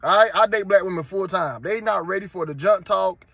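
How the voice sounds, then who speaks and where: A man from North Carolina with a Southern accent, hosting his own vlog in a casual, animated, mocking ranting style. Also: high-pitched, normal speed, gravelly, slightly rough, dry recording. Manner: animated, mocking, emphatic rants. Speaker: channel host.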